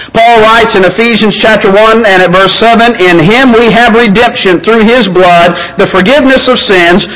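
A man preaching a sermon, measured and emphatic, slowing down to stress key phrases. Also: sits high, fairly bright tone, rough recording.

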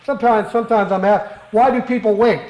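In an echoey church hall, a middle-aged male preacher with a high, slightly mellow voice delivers a fervent, emphatic sermon. He speaks fairly quickly with fairly even intonation and leans heavily on rhetorical questions.

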